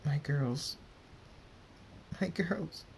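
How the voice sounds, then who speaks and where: A man voicing a gentle, timid mother pony in a storybook reading. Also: medium pitch, level tone, moderate pace, slight background noise, close to an everyday voice. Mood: sorrowful.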